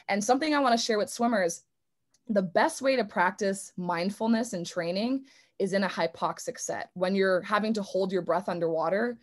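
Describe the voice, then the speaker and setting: Young woman swimmer, casual earnest talk, filler-heavy, mid-pitched. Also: normal speed, darkish tone. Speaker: guest speaker, swimmer. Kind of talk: online convention talk.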